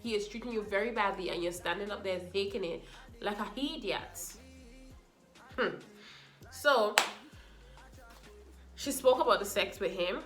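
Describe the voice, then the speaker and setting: A woman's voice: mid-range voice, a little slow, pauses often, echoey room, over music. A woman giving a casual, sassy review of a reality show, talking straight to the people on it. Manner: animated, sassy, talks to the cast directly.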